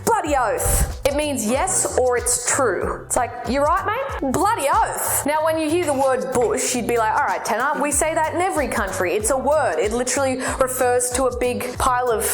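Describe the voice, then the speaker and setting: A woman's voice: sits high, normal speed, hardly any pauses, faint music behind. A young Australian woman explaining slang in a casual, playful vlog, swearing freely and acting out quotes. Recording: echoey room.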